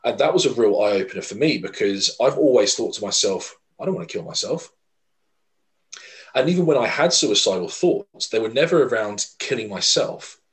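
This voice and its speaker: Earnest rambling man, lowish voice. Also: animated, brisk, hardly any pauses, poor audio. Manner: earnest, rambling, frequent fillers and restarts. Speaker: podcast co-host. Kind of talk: casual podcast chat.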